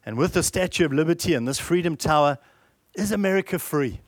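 A man's voice: on the high side, fairly quick, dry recording, clean studio sound. A man preaching a sermon, earnest and full of rhetorical questions.

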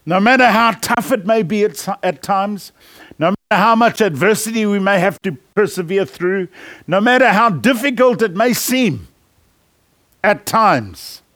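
A man's voice: high voice, lively intonation, unhurried, fairly bright tone, no echo, clean studio sound. A man preaching a sermon in a conversational, storytelling way, often laughing and restarting his sentences.

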